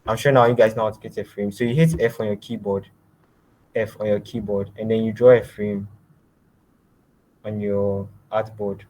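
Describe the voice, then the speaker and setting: A man teaching a design lab, giving step-by-step software instructions and often trailing off quietly. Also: fairly low pitch, fairly even intonation, moderate pace, long pauses, a little hiss or hum, low-quality recording. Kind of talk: screen-share software tutorial.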